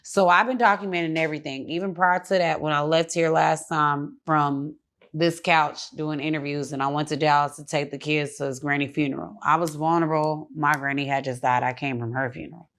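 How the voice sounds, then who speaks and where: A woman's voice: deep voice, steady tone, fairly quick, a bit bright. A woman guest in a casual interview on a studio couch, speaking bluntly, heatedly and with lots of cursing.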